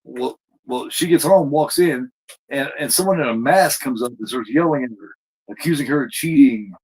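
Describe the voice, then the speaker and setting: A man's voice: mid-range voice, moderate pace, a little mellow, breathy edge, rough recording. A man casually recapping a TV episode as a podcast co-host, rambling with lots of fillers and restarts.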